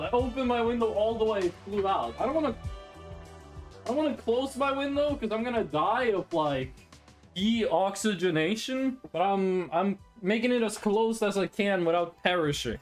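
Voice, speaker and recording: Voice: mid-range voice, moderate pace, faint music behind. A native Norwegian speaker streaming games from a room at home, rambling and joking in casual chat, swearing now and then. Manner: animated, rambling, jokey, swears. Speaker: game streamer.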